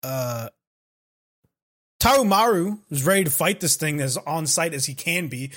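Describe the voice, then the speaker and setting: A man's voice: fairly high pitch, lively intonation, measured pace, fairly bright tone. A man co-hosting a casual podcast, retelling anime episodes in a joking, profane way and acting out the characters' lines. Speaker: podcast co-host. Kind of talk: casual anime recap chat.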